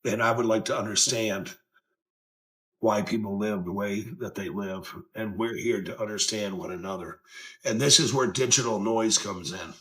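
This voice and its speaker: A man's voice: fairly low pitch, normal speed, a bit bright. A man hosting a podcast, giving casual motivational talk in a blunt, earnest way, swearing freely and circling back over his points. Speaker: podcast host.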